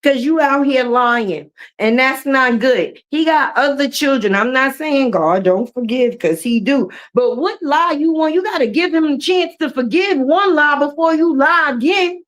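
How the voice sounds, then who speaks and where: Woman, high-pitched, profane mocking live-stream rant. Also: animated, unhurried, hardly any pauses, fairly bright tone. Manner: profane, mocking, switches into jeering put-on voices. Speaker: commentary streamer. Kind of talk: ranting live-stream commentary.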